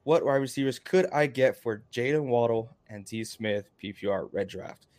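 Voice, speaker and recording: A man co-hosting a podcast in an animated, emphatic way, chatting and hyping his picks. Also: medium pitch, normal speed. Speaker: podcast co-host. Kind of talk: casual fantasy football chat.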